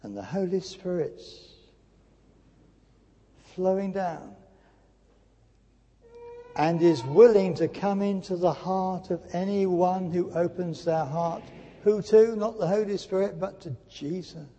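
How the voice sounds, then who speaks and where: Older male preacher, husky and a touch high-pitched, animated storytelling, echoing church. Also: takes it slowly, long pauses. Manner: animated storytelling with sudden drops to hushed speech. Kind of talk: sermon. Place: church hall. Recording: long church reverb.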